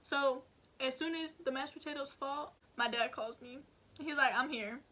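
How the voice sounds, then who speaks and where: High, bright young woman, giggly. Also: moderate pace. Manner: giggly, chiming in. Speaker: vlogger's friend. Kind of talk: casual storytelling chat.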